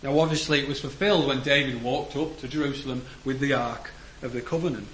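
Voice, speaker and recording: A man's voice: fairly even intonation, fast talker, a bit bright. Earnest man preaching in an echoey church. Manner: earnest, with sudden emphatic rises and trailing low phrase ends. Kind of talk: sermon. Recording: echoey room with faint background noise.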